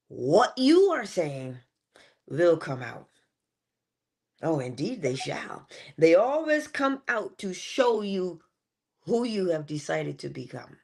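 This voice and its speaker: A woman giving a motivational morning talk, animated and playful, with chatty asides. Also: medium pitch. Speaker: inspirational speaker.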